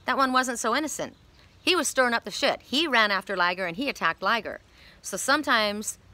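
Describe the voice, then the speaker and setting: Bright-voiced chatty woman reading cards. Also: medium pitch, slight background noise. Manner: rambling, candid and chatty. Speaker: oracle card reader. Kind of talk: casual spiritual card reading. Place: outdoors.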